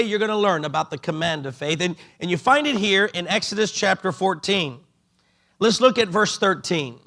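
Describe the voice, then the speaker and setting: High, bright-voiced preaching man. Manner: emphatic, dramatic preaching. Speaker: bishop preaching. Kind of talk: sermon.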